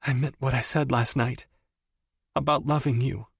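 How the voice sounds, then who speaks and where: A man's voice: medium pitch, moderate pace, breathy edge, no echo, voice pushed up, close to an everyday voice. A man voicing a young woman escort in an audiobook, defiant and close to tears, pleading and wailing. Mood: sad. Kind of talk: audiobook character voice.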